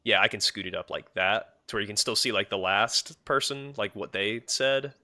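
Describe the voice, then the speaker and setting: A man's voice: on the low side, moderate pace, pushed and bright. A young man streaming a game, chatting casually with his viewers in a rambling way. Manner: rambling, talks to chat, many fillers and restarts. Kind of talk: casual live-stream chat.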